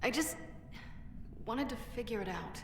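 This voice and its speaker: A secretive female dwarf craftswoman in a video game, defending herself in a matter-of-fact way. Her bright voice rings in a roomy space with a long reverb. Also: fairly high pitch, lively intonation, measured pace, a little hiss or hum. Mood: defensive. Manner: self-justifying, matter-of-fact.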